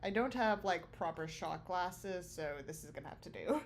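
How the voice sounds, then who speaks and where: A woman's voice: lowish voice, expressive, moderate pace, very noisy. A woman streamer chatting casually with her viewers from home, giggling often and rambling. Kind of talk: casual livestream chat. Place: small home room.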